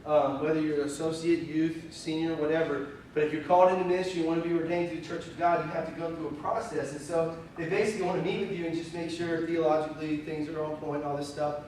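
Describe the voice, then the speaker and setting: A young man preaching in a church sanctuary, his slightly high voice bouncing around a very echoey room and heard from well back from the mic. He talks candidly and with animation, spinning personal stories full of fillers and self-deprecating asides. Faint hiss sits under the recording. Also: little pitch movement, quick pace, few pauses, a little mellow, far from the mic. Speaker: pastor. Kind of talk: conversational sermon storytelling.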